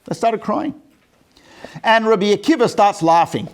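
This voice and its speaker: A man's voice: sits high, expressive, a little slow. A man, a rabbi, giving a storytelling lecture in a conversational way, with humorous asides.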